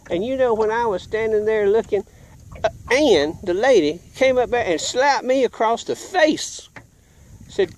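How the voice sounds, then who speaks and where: A middle-aged man spins a childhood tale in a lively, folksy way while he fishes out on the water. His voice sits fairly high for a man, and he throws himself into the voices and sound effects. There is a faint hiss of noise behind him. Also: moderate pace. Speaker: vlogger telling a childhood story while fishing. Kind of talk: casual storytelling. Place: outdoors on the water, fishing.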